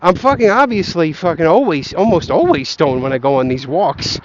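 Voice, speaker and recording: A man's voice: on the high side, expressive, normal speed, a little hiss or hum. A young man who is stoned, ranting heatedly and swearing as he rambles on a walk outdoors. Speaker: vlogger ranting about markets. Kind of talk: rambling profane rant while walking. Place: outdoors, walking on grass. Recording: dull lo-fi outdoor recording.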